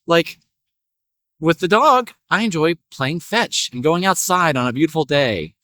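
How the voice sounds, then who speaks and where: A man voicing a kind, tired farmer who speaks gently and reassuringly to his animals. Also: on the high side, lively intonation, measured pace, dry recording, clean studio sound. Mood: tender.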